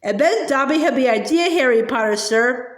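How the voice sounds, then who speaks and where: A woman voicing an eager, servile male house-elf who talks in a squeaky voice and calls everyone sir. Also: expressive, moderate pace, echoey room. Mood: earnest.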